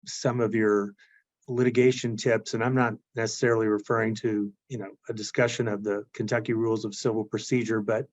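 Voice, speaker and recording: A man's voice: on the low side, little pitch movement, fairly quick. A man interviewing a lawyer, asking polite, rambling questions with restarts. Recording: dull lo-fi sound.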